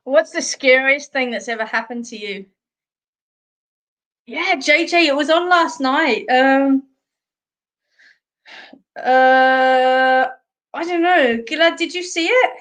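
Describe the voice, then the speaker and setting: A woman's voice: high-pitched, slow pace, long pauses, fairly bright tone. A middle-aged Australian woman hosting a live stream, chatting casually with viewers in a rambling way and laughing often. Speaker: host.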